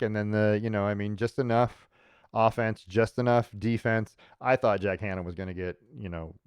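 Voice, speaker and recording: A man's voice: mid-range voice, a little mellow, clean tone, no room sound. Rambling man talking sports, dry sound. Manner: rambling, with frequent restarts and laughs. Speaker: sports podcast host. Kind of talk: casual sports chat.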